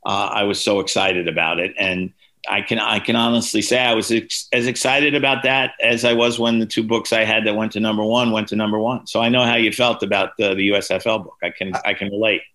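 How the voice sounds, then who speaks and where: A man in his sixties, an author, telling lively stories as a podcast guest and acting out the people he quotes. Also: brisk. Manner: lively anecdotes, voices quoted people with big pitch jumps. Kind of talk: storytelling in a podcast interview.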